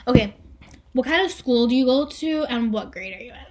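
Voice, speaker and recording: A woman's voice: on the high side, lively intonation, fairly quick, noisy background. A young American woman co-hosting a casual podcast, teasing and giggly as she fires off questions. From United States. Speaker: podcast co-host. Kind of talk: casual chat.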